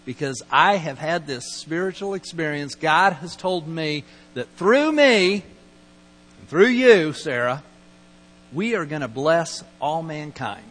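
A man's voice: a little high, expressive, slow pace, fairly bright tone, heavily acted. A man voicing an old male patriarch during a sermon, speaking in an earnest, matter-of-fact way. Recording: long hall reverb, mains hum.

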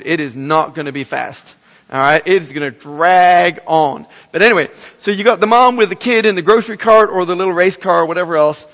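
A middle-aged man preaching a sermon, telling a story with animated humor and wry asides. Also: on the high side. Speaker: pastor. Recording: echoey hall, slightly dull sound.

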